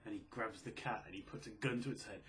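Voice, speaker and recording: A quiet, low-key young man in casual chat, reading out and answering viewer questions. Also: quick pace. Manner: quiet, low-key, self-described mellow and sleepy.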